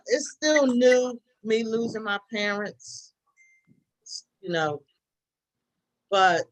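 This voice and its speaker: A woman speaks slowly and emotionally, hesitating and restarting her sentences. The sound is dry and close. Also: medium pitch, fairly bright tone, no echo, low-quality recording. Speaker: call participant. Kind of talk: casual group video call.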